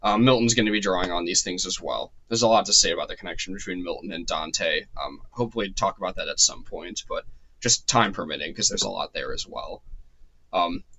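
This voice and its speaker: A man's voice: low-pitched, brisk, pushed and bright, dull audio. A man giving a casual spoken lecture, loose and chatty with many ums and restarts, his voice a little worn. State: slightly losing his voice. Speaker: course lecturer.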